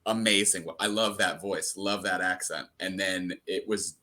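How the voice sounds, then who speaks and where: Low-voiced blunt man on a podcast. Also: steady tone, unhurried, pushed and bright. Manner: blunt, swears freely, short interjections. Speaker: podcast co-host. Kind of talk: casual chat.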